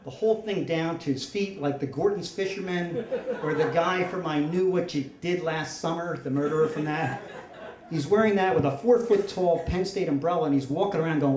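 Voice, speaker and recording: A man in his fifties tells a comic story on stage with a dry, self-mocking wit. His voice sits a little high for a man, and a roomy echo hangs around it. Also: darkish tone. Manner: wry, self-deprecating humor. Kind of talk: live comedic storytelling.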